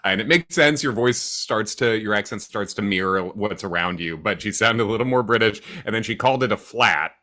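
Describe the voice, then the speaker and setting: A man co-hosting a livestream, chatting about a TV finale in a playful, excitable way. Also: on the low side. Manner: excitable, playful, quick to joke. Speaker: podcast co-host. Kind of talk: casual recap chat on a livestream.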